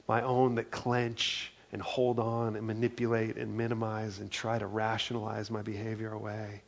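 Gravelly-voiced man preaching a sermon. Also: on the low side, level tone, moderate pace, hardly any pauses, lo-fi sound. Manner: earnest and conversational, with many fillers like "like" and "right?". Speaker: pastor.

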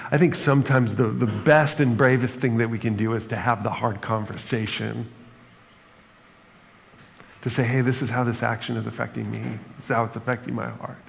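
A man's voice: medium pitch, vocal fry. A male pastor giving an earnest, reflective sermon, ending in prayer. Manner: earnest, reflective preaching with brief humor. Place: church sanctuary. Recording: church hall reverb, faint noise.

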